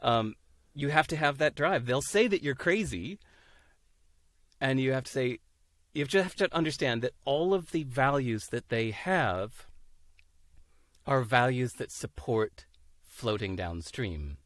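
A man talking as a podcast guest, animated, laughing often and acting out the voices of people he quotes. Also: medium pitch, unhurried, no echo, studio quality. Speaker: interview guest. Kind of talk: casual podcast conversation.

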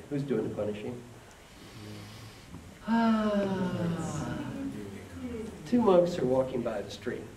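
A man gives a motivational keynote and leads the crowd in call and response. His pitch swings widely. He sounds distant in an echoey hall, over faint background noise. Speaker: keynote speaker. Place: conference hall with an audience.

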